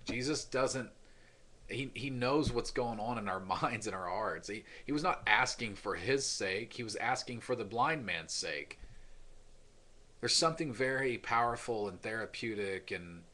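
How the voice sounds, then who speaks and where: A man's voice: on the low side, a little slow, bright, forceful tone. A man, a pastor, retelling a story in an earnest, dramatic sermon and acting out the voices.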